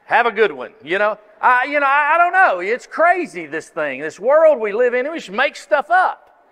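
This pastor has a very high, sharp voice and speaks at a normal pace with great animation. Preaching and giving announcements in the church sanctuary, he rambles in a folksy way and keeps restarting, while the big hall's long reverb trails behind him.

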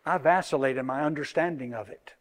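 A middle-aged man preaching a sermon, moving between hushed, slow words and loud, emphatic passages. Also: mid-range voice. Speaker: pastor. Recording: long reverb of a large hall.

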